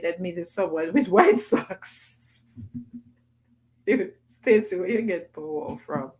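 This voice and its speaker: A woman hosts a relaxed livestream, chatting to viewers and reading their comments aloud. Her voice sits at a middle pitch, and she slips easily into patois phrasing. She is recorded close to the mic. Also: rough recording. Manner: chatty, laughs often, Jamaican patois phrasing. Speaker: livestream host.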